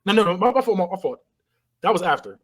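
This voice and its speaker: A man whose voice sits high and sing-song talks fast as a podcast co-host, casually recapping a film. He goes scene by scene with animated energy, sound effects, and laughter.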